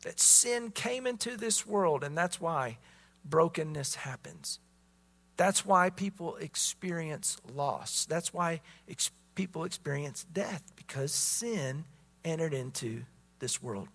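Bright, gravelly-voiced male preacher. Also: a little high, lively intonation, slow pace. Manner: emphatic preaching with many repeated words. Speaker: pastor. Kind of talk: sermon.

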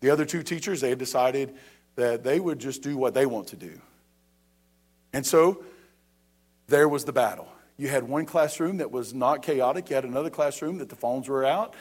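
A man's voice: medium pitch, normal speed, husky. A man preaching a sermon as pastor, emphatic and repetitive, speaking straight to the congregation.

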